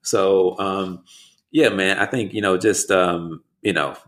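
Male co-host, very deep voice, easygoing rambling talk. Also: fairly even intonation, measured pace, fairly bright tone. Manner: laid-back, rambling, heavy fillers and restarts. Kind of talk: casual chat.

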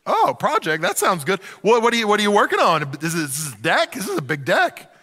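A man's voice: high voice, wildly swooping pitch, sharp tone, in a large hall, pitched above the performer's own voice, exaggerated voice. A pastor voicing a nosy neighbor man who fires off questions about a project in the yard. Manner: prying, rapid-fire questions.

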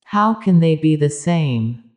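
A woman giving a measured spiritual discourse, speaking directly to her listeners. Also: low voice, expressive, a little mellow.

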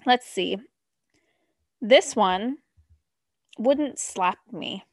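Woman podcast co-host, mid pitch, dry close recording, blunt and profane. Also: expressive, creaky, no room sound. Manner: blunt, swearing, quick reactions. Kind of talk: casual chat.

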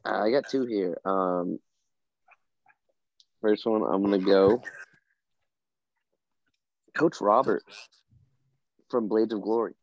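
Low gravelly man, casual podcast banter. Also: slow, pauses often, no echo, dull audio. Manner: laid-back, swearing banter. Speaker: podcast co-host. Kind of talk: casual chat.

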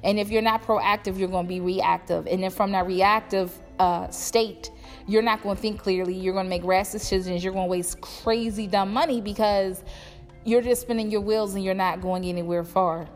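A young woman, an entrepreneur and vlogger, gives a blunt, casual motivational talk to the camera, cussing freely at her viewers. Her mid-range voice keeps a fairly even intonation at a normal speed. The recording has a long echo with music playing behind.

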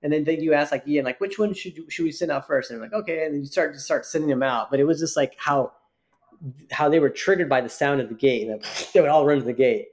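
A man's voice: a little high, fast talker. A man co-hosting a podcast, telling a rambling story in casual chat with many restarts. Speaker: podcast co-host.

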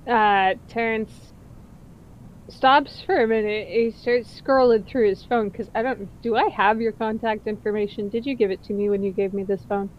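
A woman's voice: mid-range voice, fairly even intonation, normal speed. A woman narrating her character's actions in a tabletop game. She chats loosely, piling on detail. The audio is a touch dull, with faint hum. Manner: chatty, descriptive. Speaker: player.

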